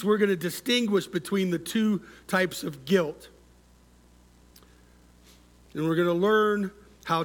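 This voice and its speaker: A male pastor preaching a sermon, leading the congregation in call-and-response and letting his phrase endings fall soft and quiet. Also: sits high.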